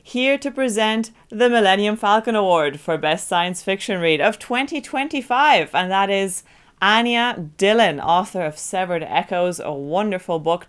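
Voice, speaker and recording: A woman's voice: mid-range voice, clear, resonant tone. Upbeat woman announcing awards. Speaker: co-host. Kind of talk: casual award-show banter.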